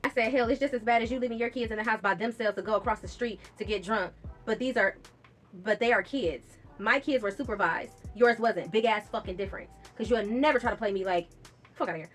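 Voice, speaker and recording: A young woman talks straight to her viewers in a casual storytime vlog, blunt and profane, quoting her own text messages. Her voice sits a little high, and faint music plays underneath. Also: brisk, a bit bright. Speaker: vlogger telling a personal story.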